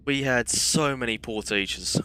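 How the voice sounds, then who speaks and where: A young man chats while he plays, drifting from the game into long personal stories told with dry, self-deprecating humour. His voice sits at an ordinary middle pitch with a notably bright, forward tone. He keeps the talk loose and casual throughout. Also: unhurried, slight background noise. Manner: chatty, rambling anecdotes with self-deprecating humour. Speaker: game streamer. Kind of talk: casual gameplay commentary and storytelling.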